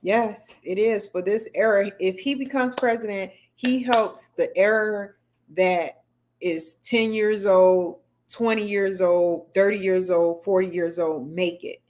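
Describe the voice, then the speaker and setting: A woman's voice: medium pitch, steady tone, slow pace, darkish tone. A middle-aged woman chatting casually and rambling on a livestream, answering viewer comments as she goes. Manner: rambling, talks back to chat comments. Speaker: livestream host.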